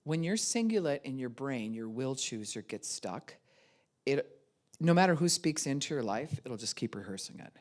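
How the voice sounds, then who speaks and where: A woman's voice: rumbling low, moderate pace. An older woman pastor giving a sermon, telling stories and acting out the voices in them. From United States. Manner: animated storytelling, acts out voices.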